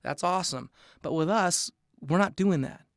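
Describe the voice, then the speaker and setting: A man's voice: sits high, normal speed, fairly bright tone, no echo, studio quality. A man giving an upbeat, conversational sales presentation, throwing rhetorical questions at his audience. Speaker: business opportunity presenter.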